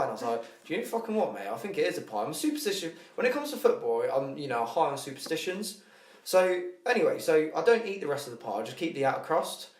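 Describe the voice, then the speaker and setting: A man co-hosting a podcast in casual chat, telling a rambling story, swearing a lot and laughing at himself. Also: a little high. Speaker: podcast co-host. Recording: echoey room.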